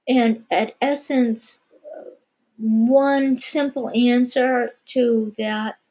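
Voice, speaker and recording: A woman channeling spiritual teachings, speaking of herself as "we". Her voice sits a little high, yet its tone is mellow and dark. She talks very slowly, with long pauses between short phrases. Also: poor audio. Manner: measured, pausing often, speaks as "we". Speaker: channeler answering questions. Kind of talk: slow meditative spiritual channeling.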